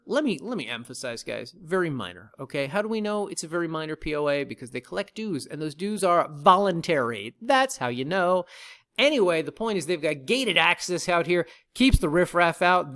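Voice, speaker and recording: A man's voice: a little high, a bit bright. A man hosting a casual land-sales video, talking straight to viewers with a wry, joking manner. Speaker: land company host.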